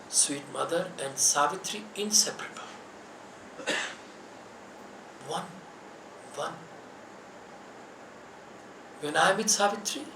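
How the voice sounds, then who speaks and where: A man giving a slow, reflective devotional talk with dramatic pauses. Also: high-pitched, vocal fry, noisy background. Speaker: spiritual speaker. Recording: echoey room, voice from far off.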